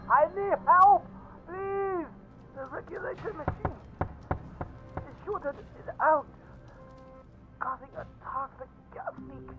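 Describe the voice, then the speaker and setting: Brief: shrill, desperate trapped victim in a game, dull lo-fi sound with loud music. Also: female voice, takes it slowly, pauses often. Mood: panicked. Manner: pleading, frantic. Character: panicked trapped woman in a gas leak.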